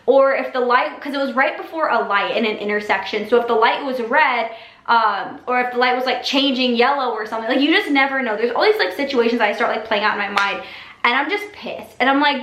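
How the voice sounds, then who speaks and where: A woman's voice: a little high, a little fast, fairly bright tone, roomy sound. A young woman telling a story to her viewers in casual chat, rambling with lots of likes and restarts. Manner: rambling, many likes and restarts, addresses viewers as you guys. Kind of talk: casual story time to camera.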